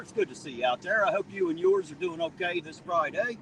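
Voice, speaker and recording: With a high, creaky, slightly bright voice that swings hugely in pitch, a man talks fairly quickly while hosting a casual night stream outdoors. He reads the chat, cracks jokes, and greets viewers by name on a town street after rain. The slightly distant mic catches faint traffic-free street noise.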